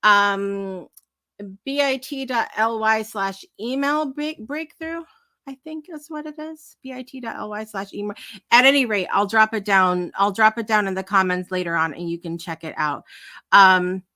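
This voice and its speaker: A woman hosts a live morning talk show in a loose, rambling way, full of fillers and quick laughs. Her voice is bright and forward. The sound is dry and close, with no room in it. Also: mid-range voice, no room sound. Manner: chatty and rambling, with frequent fillers and asides; bubbly and emotional, laughing often. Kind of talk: casual live-stream chat.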